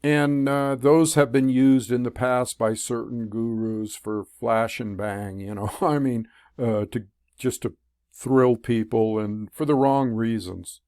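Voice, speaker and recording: Gravelly guy rambling about spiritual stuff, kinda low voice, dry room sound. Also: fairly even intonation, slow, a little mellow, no room sound. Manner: rambling, loose, full of fillers and restarts. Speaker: spiritual teacher. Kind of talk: casual monologue.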